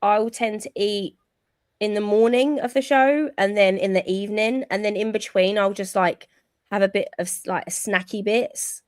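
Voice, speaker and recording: A woman's voice: mid-range voice, fairly even intonation, moderate pace, clean tone, dry recording, studio quality. A woman with a British accent, a wrestler guest chatting casually in an interview and laughing easily. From United Kingdom.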